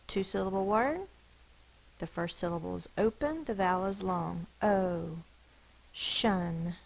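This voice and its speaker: A woman teaching a phonics lesson, slowly sounding out each letter and syllable of spelling words. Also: medium pitch, vocal fry, rough recording. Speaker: elementary school teacher.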